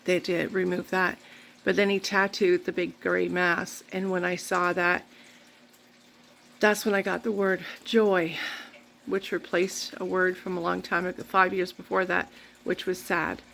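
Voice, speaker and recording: A woman's voice: on the low side, little pitch movement, measured pace, vocal fry, fairly bright tone, slight background noise. A woman vlogging, telling a rambling, candid personal story full of faith talk. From Canada.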